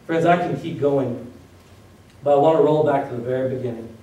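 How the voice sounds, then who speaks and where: A pastor delivers a sermon, peppering his congregation with rhetorical questions in a mellow, mid-range voice at a fairly quick pace. He sounds distant, captured in a very echoey room.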